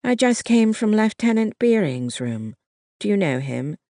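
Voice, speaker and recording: A narrator voicing a calm, determined wartime nurse who talks to her patients in a gently persuasive, slightly raised voice. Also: medium pitch, measured pace, no room sound, clean studio sound, voice pushed up. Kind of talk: audiobook narration.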